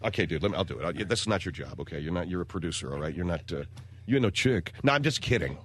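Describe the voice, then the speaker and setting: A man's voice: low-pitched, animated, fast. A man hosting a radio talk show, delivering a rambling, exasperated comedic monologue on a studio mic.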